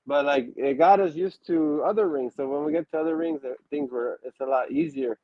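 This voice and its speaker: A man's voice: a little high, brisk, no echo, muffled recording. A man in a casual interview, telling stories with many restarts and fillers and acting out quotes. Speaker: wrestler guest.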